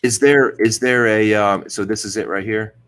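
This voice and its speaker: A man's voice: fairly low pitch, steady tone, normal speed, fairly bright tone. A man hosting a podcast in casual chat, laid-back and profane, laughing often. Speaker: podcast host.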